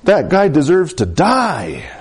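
A man's voice: on the high side, wildly swooping pitch, slow, slightly rough, pitched above the performer's own voice, full character voice. A man voicing an enraged ancient king who demands justice, with fired-up, indignant delivery.

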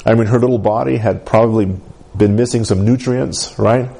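A man's voice: moderate pace, vocal fry, breathy edge. A man preaching a sermon to a congregation, often asking "Amen?" and lifting his voice for emphasis. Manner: animated, rising pitch for emphasis, calls of "Amen?".

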